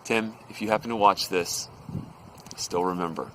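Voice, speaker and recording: A man telling a workplace story in a casual, animated way, acting out the people in it. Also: low-pitched, normal speed, background noise. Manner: animated, acts out quoted voices.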